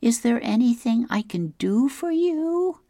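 A woman's voice: fairly high pitch, lively intonation, measured pace, dark tone, no echo, studio quality, voice pushed up. A woman voicing a sympathetic grown daughter from a comic strip, fussing over her father. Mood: concerned.

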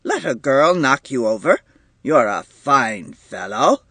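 A man's voice: medium pitch, sing-song, slow, fairly bright tone, husky, no echo, heavily acted. A man voicing Joe Markey, a jovial father in his thirties who teases his little son heartily. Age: 30s. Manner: hearty, teasing. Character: jovial broad-shouldered father of thirty-five.

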